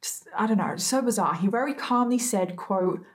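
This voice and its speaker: A woman's voice: medium pitch, normal speed. A woman hosting a true crime video, retelling a case casually with frequent asides to her viewers and emphatic disbelief.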